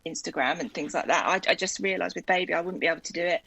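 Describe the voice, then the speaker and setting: A woman's voice: fairly low pitch, fast, vocal fry, fairly bright tone, slightly rough, no room sound, poor audio. A woman with a South London accent, chatting enthusiastically as a podcast guest. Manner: chatty and enthusiastic, many "like"s and "you know"s. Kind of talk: casual chat.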